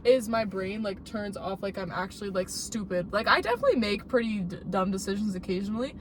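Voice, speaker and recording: A woman's voice: medium pitch, fast, a little hiss or hum. A young adult woman telling a story in a casual, rambling chat from the front seat of a car, with "like" in almost every sentence. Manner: animated, rambling, heavy use of "like". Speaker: co-host.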